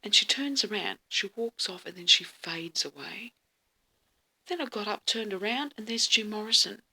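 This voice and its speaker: A woman's voice: mid-range voice, expressive, moderate pace, bright, forceful tone, breathy edge. A woman telling a dream story in a dramatic, casual way, often dropping to a whisper and swearing freely.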